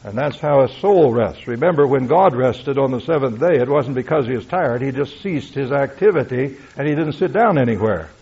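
A man's voice: medium pitch, lively intonation, moderate pace, vocal fry, hardly any pauses, a little mellow, husky. A man preaching an emphatic sermon, teaching from the Bible and asking "you see?" as he goes, on a dull lo-fi recording. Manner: emphatic, rhetorical asides like "you see?" and "all right?".

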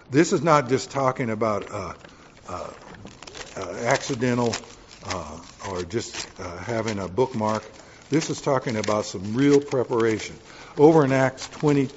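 A man preaching a sermon to his congregation in a folksy way, swinging from loud emphatic points to quiet offhand asides. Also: mid-range voice, muffled recording. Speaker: pastor.

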